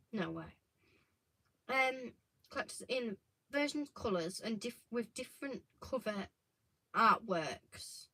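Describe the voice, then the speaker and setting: A woman's voice: on the high side, animated, measured pace, pushed and bright, breathy edge, low-quality recording. A young woman co-hosting a livestream, chatting casually and rambling, often trailing off mid-sentence. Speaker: livestream co-host.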